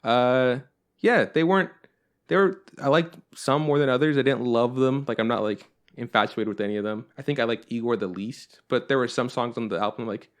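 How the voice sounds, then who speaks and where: In a casual podcast chat, a young adult male host with a medium-pitched voice talks briskly. He rambles, swears a lot, and leans heavily on filler words.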